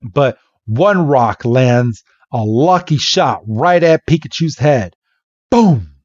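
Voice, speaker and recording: A man hosting a podcast, giving a playful, animated comic recap narration. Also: mid-range voice, takes it slowly, dry recording, dull audio. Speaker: podcast host.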